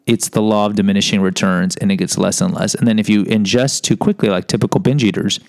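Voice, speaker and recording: A man in his fifties tells a personal story in a loose, wandering way, full of wry asides and self-mockery. His low voice is gravelly with fry and sounds close and dry, with no room around it. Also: fairly even intonation, quick pace, no echo, poor audio. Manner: digressive, wry, self-mocking. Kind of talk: rambling personal storytelling monologue.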